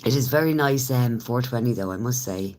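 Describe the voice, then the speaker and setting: A woman's voice: a bass voice, a little fast, a little mellow, slight background noise. An Irish woman and smoker chatting casually with viewers on a live stream, laughing often as she talks. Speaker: livestreamer.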